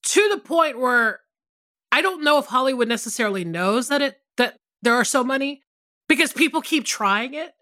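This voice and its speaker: A woman co-hosting a podcast in casual, animated chat, swearing freely and often restarting her sentences. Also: sits high, moderate pace, no room sound, studio quality. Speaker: podcast co-host.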